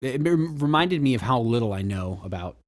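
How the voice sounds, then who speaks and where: A man's voice: medium pitch, expressive, normal speed. A man co-hosting a podcast in casual chat, rambling with fillers and restarts. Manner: rambling, frequent fillers and restarts, laughs often. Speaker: podcast co-host.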